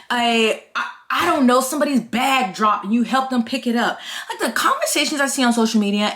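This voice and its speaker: Exasperated ranting woman vlogger. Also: fairly high pitch. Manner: exasperated, swearing, animated ranting. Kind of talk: casual ranting vlog.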